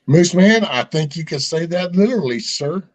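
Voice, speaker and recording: A man chats casually with friends, swearing freely and acting out little scenes in a raised, animated voice. His voice is on the high side and his speed normal, but the recording is rough.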